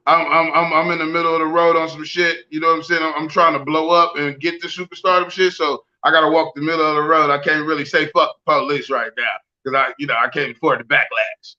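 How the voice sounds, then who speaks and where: A man hosting a podcast, talking casually and profanely, breaking into loud, ranting bits. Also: on the high side, level tone, quick pace, hardly any pauses, dull audio. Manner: profane, boisterous, swings into loud rants. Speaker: podcast host. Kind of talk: casual chat.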